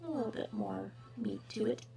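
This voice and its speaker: A woman's voice: medium pitch, animated, normal speed, creaky, warm tone, faint music behind. A woman hosting a drawing livestream, chatting casually and rambling, sometimes dropping into whispers. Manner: rambling, self-mocking, trails into whispers. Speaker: livestream host drawing requests.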